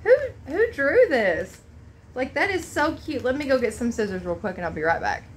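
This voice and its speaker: A woman's voice: sits high, very animated, normal speed, noisy background. A woman hosting an unboxing vlog, gushing and exclaiming, emotional and close to tears. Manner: bubbly, gushing, exclaims often. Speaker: vlog host.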